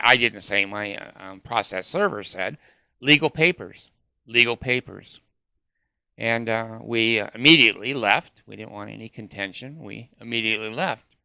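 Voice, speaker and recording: A man's voice: on the low side, normal speed, creaky, pushed and bright, clean tone, dry recording, clean studio sound. A man vlogging in a rambling, hesitant way, full of fillers and casual swearing.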